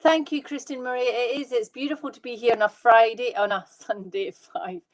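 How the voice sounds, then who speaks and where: A woman working as a medium, giving live readings to viewers in an excitable, fast, reassuring way. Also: on the high side, low-quality recording. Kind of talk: live online psychic reading.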